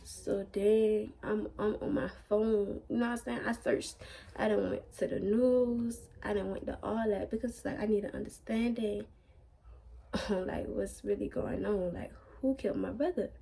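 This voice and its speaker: Tearful young woman with a gravelly voice. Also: mid-range voice, fairly even intonation, dark tone. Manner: tearful, halting storytelling with many fillers. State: crying. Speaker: vlogger. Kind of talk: storytime vlog.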